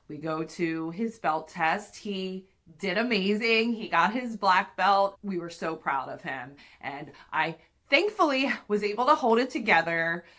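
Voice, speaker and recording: A woman in her thirties hosting a podcast, telling a candid, profane story casually and acting out what she and others said. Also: lowish voice. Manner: candid, profane, animated retelling with acted-out quotes. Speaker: podcast host.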